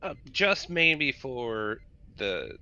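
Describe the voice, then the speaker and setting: A man co-hosting a casual live stream, chatting and reading a promo in a relaxed, confident way. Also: medium pitch, very slow, smooth, no room sound. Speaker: podcast co-host. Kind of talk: casual chat and read promo. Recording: dull lo-fi audio.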